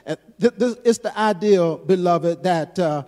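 High-voiced preacher man, reverberant sanctuary. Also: a little slow. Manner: call-and-response preaching, rising to shouts. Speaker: pastor. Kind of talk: sermon.

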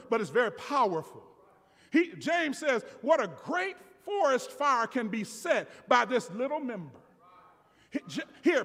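A man preaching a sermon as pastor, building to loud shouts and dropping to quiet, confiding asides. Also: very high voice, creaky. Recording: long reverb of a large hall.

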